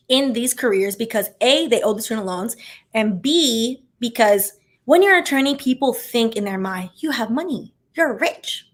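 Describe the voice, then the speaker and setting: A woman in her thirties, a former attorney hosting her channel, chatting casually and reacting to viewer comments with quick tangents and lots of filler words. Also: on the high side.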